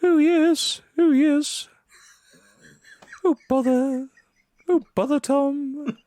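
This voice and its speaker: A man voicing Winnie the Pooh as a cheerful bear with a put-on Australian drawl, in high jolly exclamations. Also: fairly even intonation, drawn-out words, dark tone, no echo, heavily acted.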